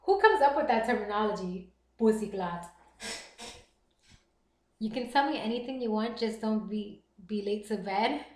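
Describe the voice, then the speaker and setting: A woman streaming live, chatting casually with viewers and reading their comments aloud, animated and quick to laugh. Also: a little high. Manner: animated, laughs often, reads chat aloud. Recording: roomy echo.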